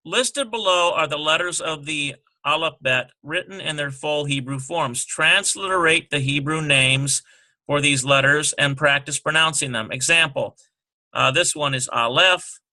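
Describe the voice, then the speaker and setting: A man slowly working through a language exercise, sounding out syllables and spelling letters one by one. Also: on the high side, bright, forceful tone. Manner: slow and halting, sounding out syllables. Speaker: Hebrew teacher. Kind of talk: screen-recorded lesson walkthrough.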